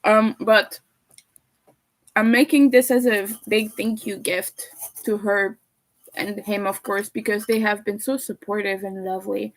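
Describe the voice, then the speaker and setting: A woman's voice: mid-range voice, steady tone, measured pace, low-quality recording. A young woman chatting casually on a livestream, talking while she eats. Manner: chatty, talks while eating. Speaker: livestreamer and crocheter.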